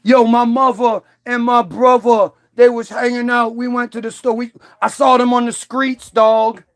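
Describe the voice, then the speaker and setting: A man's voice: extremely high pitch, little pitch movement, normal speed. A man voicing a swaggering young man in a mocking, exaggerated slang voice.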